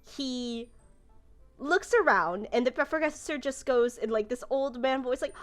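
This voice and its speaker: A woman's voice: sits high, lively intonation, unhurried, faint music behind. A woman running a tabletop game as game master, narrating casually with lots of fillers. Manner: casual, rambling with many fillers.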